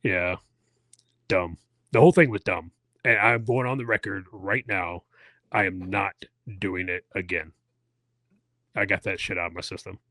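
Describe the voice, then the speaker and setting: Man, 40s, podcast co-host. Very low pitch, bright and forceful tone, dry close sound. Rambling, filler-heavy, self-mocking storyteller. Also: steady tone, unhurried, long pauses, dry recording. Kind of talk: casual chat, recounting an endurance event.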